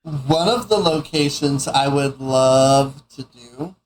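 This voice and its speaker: A man's voice: mid-range voice, slow pace, poor audio. Easygoing teasing man co-host. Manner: easygoing, teasing, laughs along. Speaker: podcast co-host. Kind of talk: casual chat.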